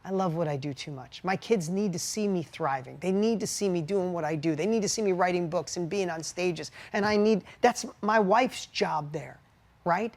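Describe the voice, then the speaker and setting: In candid conversation on the podcast he runs with his wife, a middle-aged man speaks at normal speed in a high voice. He's earnest and confessional, animating the stories he tells.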